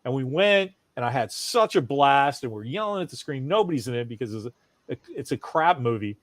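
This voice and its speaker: A middle-aged man co-hosts a casual chat podcast, talking a little fast in a mid-range voice with no echo. He's an animated storyteller who swears and acts out the quotes in his stories.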